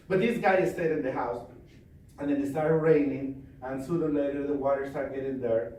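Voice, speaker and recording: A male trainer telling a story at a live seminar in a forceful, commanding, repetitive way. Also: medium pitch, steady tone, brisk. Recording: echoey hall from far off.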